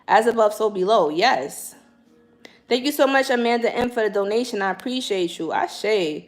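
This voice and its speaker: A woman's voice: medium pitch, moderate pace, soft background music. Slangy New woman chatting to viewers. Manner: slangy, animated, addresses viewers directly. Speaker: spiritual livestream host. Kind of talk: casual livestream chat.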